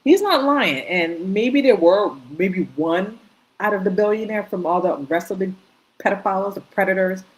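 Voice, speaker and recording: A woman's voice: mid-range voice, moderate pace, low-quality recording. A woman co-host giving emphatic commentary, agreeing and building on the point.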